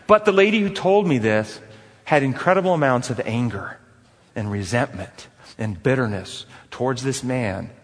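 A man's voice: medium pitch, expressive, moderate pace. A man teaching a course on forgiveness, earnest and repetitive, telling stories and putting questions to the audience. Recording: long hall reverb.

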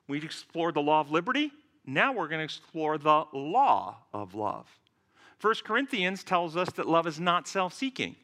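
A man, a physician by profession, giving a lecture-style sermon in an earnest, deliberate way, illustrating his points with stories. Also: high voice, sharp tone. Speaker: physician and speaker.

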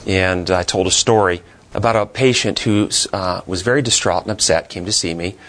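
A man's voice: deep voice, moderate pace, fairly bright tone. A man teaching a classroom Bible lesson, asking the class questions and then answering them himself.

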